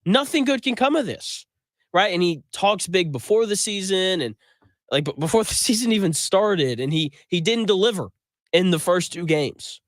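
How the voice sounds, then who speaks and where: A sports radio host with a voice pitched a little high for a man. He talks in a conversational, emphatic way and gives his opinions freely. His studio sound is dry and close, with no room echo. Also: expressive, moderate pace. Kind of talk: sports talk radio monologue.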